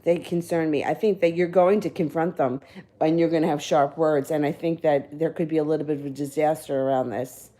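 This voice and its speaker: A woman reads tarot cards live for her viewers, her voice low and mellow. She talks casually and a little rambly, catching and fixing her own words as she goes, with small chuckles in between. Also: steady tone, a little fast. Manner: casual, rambling, self-correcting. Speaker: tarot reader. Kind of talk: live-stream tarot reading.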